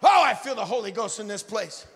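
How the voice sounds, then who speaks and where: Preaching as a missionary in an echoing church sanctuary, a man jokes with the congregation and gets them to repeat after him. His voice sits high, husky and a bit bright, with big pitch swings and a fairly quick pace.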